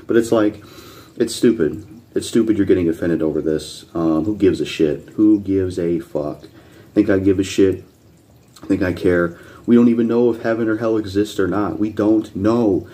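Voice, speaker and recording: The voice is low and dark at a moderate pace, belonging to a channel host reacting to videos. His rant is blunt and combative, full of swearing, and he drives his points home over and over.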